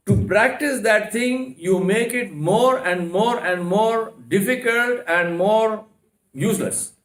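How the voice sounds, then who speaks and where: A man's voice: high voice, a bit bright. Emphatic male lecturer in an echoey hall. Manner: emphatic, rhetorical questions, repeated "no, no, no". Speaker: Islamic lecturer. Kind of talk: religious lecture. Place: mosque hall.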